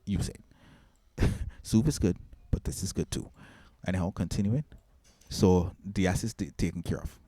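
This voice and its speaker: A man's voice: low voice, normal speed, dark tone, dry recording. A man hosting a casual mixing tutorial, rambling with restarts and filler words. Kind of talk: casual screen-recorded tutorial.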